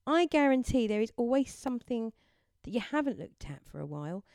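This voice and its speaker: A woman giving a gentle, encouraging mindfulness talk and leading listeners through affirmations. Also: on the high side, sing-song, fairly quick, gravelly, smooth, dry recording. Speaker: self-help speaker.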